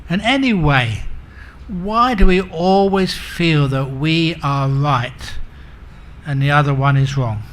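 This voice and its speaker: A man's voice: fairly high pitch, slow, fairly bright tone. A man giving a Buddhist dharma talk, telling humorous stories and chuckling at his own jokes. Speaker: Buddhist monk teacher.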